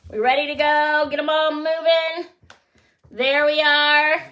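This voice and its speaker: A woman librarian hosting a children's storytime, playful and animated as she leads songs and reads aloud. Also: high voice, measured pace. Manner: playful, animated, sing-song voices for kids.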